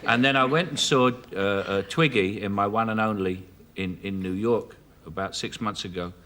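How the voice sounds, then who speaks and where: A man in his fifties with a Cockney London accent, a chat show guest telling anecdotes with halting restarts and frequent chuckles. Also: lowish voice, background noise. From South London, England. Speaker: actor guest. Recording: 1980s television studio broadcast.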